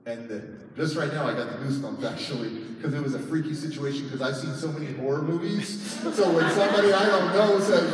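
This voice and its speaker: A man in his thirties tells a personal story as a conference speaker, acting out voices with lively laughter. His voice sits high for a man. He sounds far from the mic in a big hall, with long reverb and faint noise behind him. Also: normal speed. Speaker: motivational speaker. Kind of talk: storytelling keynote speech.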